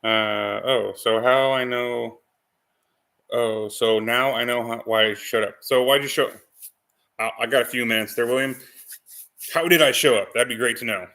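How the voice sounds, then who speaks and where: A man's voice: mid-range voice, fairly even intonation, normal speed, creaky, pushed and bright. A man hosting a casual live-stream chat with viewers, rambling with many ums and restarts. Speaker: channel host.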